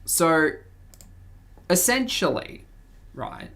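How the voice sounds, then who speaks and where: A woman's voice: very deep voice, animated, normal speed, fairly bright tone. An Australian woman with a mild accent, chatting casually with her livestream audience and laughing often as she reads the chat. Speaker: streamer.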